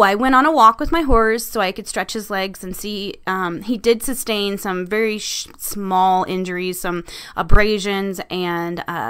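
A woman's voice: mid-range voice, fairly bright tone, clear, resonant tone. Candid swearing woman telling a vacation story. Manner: candid, swears freely, laughs through the story. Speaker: vlogger. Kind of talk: casual storytelling.

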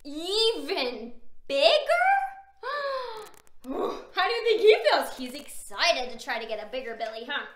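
A woman reading a picture book aloud to children, animated, gasping and asking the listener questions. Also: high-pitched, a little fast, hardly any pauses, a little hiss or hum. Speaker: storybook reader. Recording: roomy echo.

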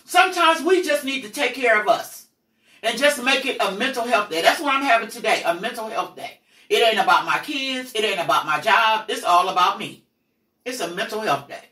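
A middle-aged woman telling personal stories in a blunt, profane, animated way as the host of a candid talk. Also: a little high, a little fast. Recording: roomy echo, mic at a distance.

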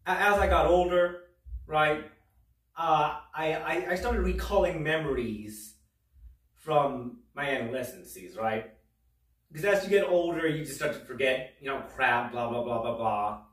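A man telling a home-made stand-up story in a rambling, halting way, with many restarts and a tag of "right?". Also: fairly high pitch, echoey room, recorded from a distance, low-quality recording. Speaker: comedian. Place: home room.

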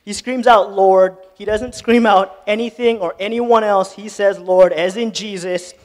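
A man's voice: sits high, steady tone, measured pace. A man giving a sermon, with casual, joking asides that rise into fervent, impassioned preaching. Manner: conversational, joking preaching that builds to impassioned shouting. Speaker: lay preacher. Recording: long church reverb.

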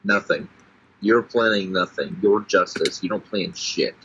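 A man's voice: low voice, measured pace, a bit bright, a little hiss or hum. A man chatting casually while playing a video game, with a crude, sarcastic manner and a lot of swearing. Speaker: guest player. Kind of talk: casual gameplay chat. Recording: dull lo-fi mic.

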